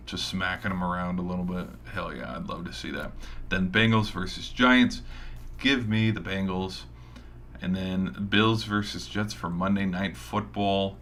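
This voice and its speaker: A man's voice: deep voice, flat delivery, measured pace, a bit bright, a little hiss or hum. A man hosting a sports show, rambling through casual game predictions with hype and mild swearing, his voice a little tired. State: tired, voice giving out.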